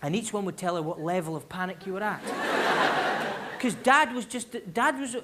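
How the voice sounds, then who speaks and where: Animated Scottish stand-up comedian on stage. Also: male voice, sits high, normal speed. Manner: animated storytelling with loud shouted impressions. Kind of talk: stand-up storytelling. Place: large concert hall stage. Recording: live theatre audience laughter, noisy.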